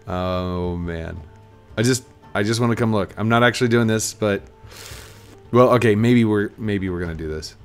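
A man with the sniffles giving casual let's-play commentary at home. He is excitable and bursts into laughter and high yelps. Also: measured pace, pauses often, music in the background. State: sniffly, stuffy nose. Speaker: gaming YouTuber.

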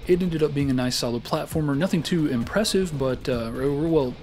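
A man's voice: fairly high pitch, a little fast, darkish tone, soft background music. A man hosting a casual weekly gaming round-up, rambling and joking with lots of filler words. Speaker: gaming show host.

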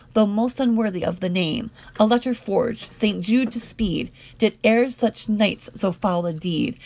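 A woman reading narrative poetry aloud in a measured, rhythmic way. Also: mid-range voice, darkish tone. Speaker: audiobook reader.

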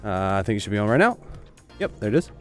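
A man's voice: on the low side, quick pace, soft background music. Rambling male gamer narrating his play. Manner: rambling, excitable, talks to chat. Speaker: video game streamer. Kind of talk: casual gameplay commentary.

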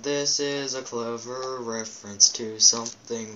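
A man's voice: mid-range voice, unhurried, bright, forceful tone, highs cut off, slight background noise. A man hosting a let's play, reading game captions aloud with goofy asides and playful quack and meow noises. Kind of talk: casual game commentary.

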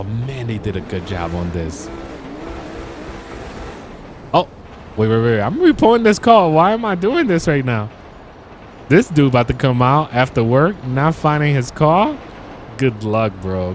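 A young man telling stories in a casual, slangy way while commenting on his gameplay, getting excited as he talks. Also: medium pitch, a little hiss or hum. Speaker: gaming YouTuber.

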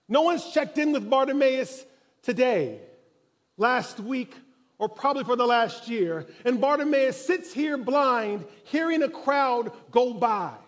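Male pastor, sermon in a church; high voice, very lively pitch, dramatic storyteller. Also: slow. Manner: dramatic storytelling, building intensity. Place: church sanctuary.

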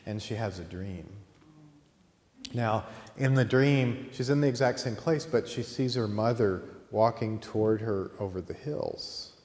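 A man teaching a class, telling a story with lively delivery and voicing the people in it. His voice sits on the low side, and the room adds a strong echo with long reverb. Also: a little slow. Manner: lively storyteller acting out characters. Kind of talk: storytelling during a lecture.

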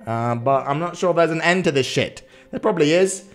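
A man's voice: on the high side, expressive, a little fast. A man hosting a gaming video, commenting in a frantic, panicky way and swearing at the game as he plays. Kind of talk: let's play commentary. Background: game music.

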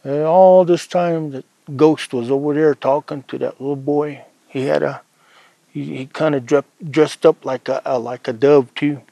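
A man from the Ute Mountain Reservation in Colorado telling a traditional story in an unhurried, conversational way. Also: a little high, fairly even intonation, gravelly, warm tone, no echo, low-quality recording.

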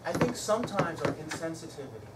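A man's voice: fairly high pitch, fast. Man, middle-aged, storytelling lecture, recorded from a distance, roomy hall, background noise. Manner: animated, shifts between loud excitement and hushed emotion. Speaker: guest speaker and musician. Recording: echoey hall from far off, noisy.

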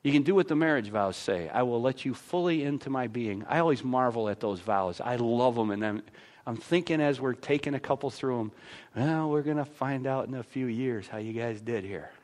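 A man's voice: mid-range voice, normal speed, darkish tone. A man pastor with an American accent, preaching a conversational sermon in a church with frequent stammered restarts.

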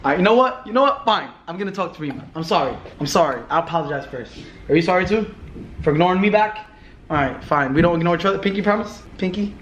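A man's voice: sits high, expressive, quick pace, a bit bright, highs cut off, slight background noise. Playful young man vlogging to camera. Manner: playful, teasing, talks to camera and kids. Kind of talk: casual prank vlog.

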